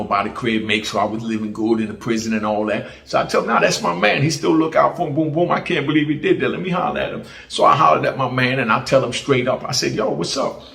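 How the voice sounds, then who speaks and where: A man's voice: mid-range voice, a bit bright. A man with a mixed Jamaican and American accent tells prison stories in casual street slang, often asking "you know what I mean". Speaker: former prisoner telling stories. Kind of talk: casual storytelling. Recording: roomy echo.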